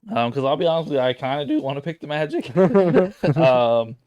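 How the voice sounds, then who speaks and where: A man's voice: on the high side, expressive, moderate pace, a little mellow, no room sound, highs cut off. Rambling man in casual sports chat. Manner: rambling, many fillers and restarts. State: sleepy, yawning. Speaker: podcast co-host.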